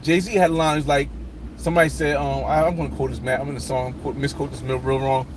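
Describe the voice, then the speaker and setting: A man's voice: medium pitch, little pitch movement, fast talker. Rambling man chatting over street noise. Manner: rambling, many restarts and fillers. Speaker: vlogger hosting a live chat. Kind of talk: casual livestream chat.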